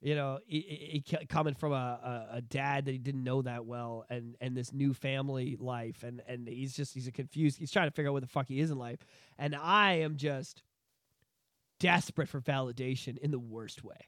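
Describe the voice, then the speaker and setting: A man in his thirties hosting a podcast, telling nostalgic stories in an animated, profane, casual way. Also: mid-range voice, normal speed, no room sound, clean studio sound. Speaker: podcast host.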